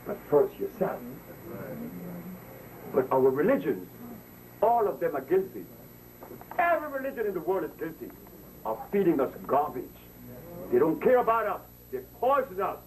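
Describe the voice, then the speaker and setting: A Honduran herbalist with a somewhat high, slightly mellow voice gives a public lecture, telling stories in an emphatic, preachy way. He's recorded on a distant mic with faint noise.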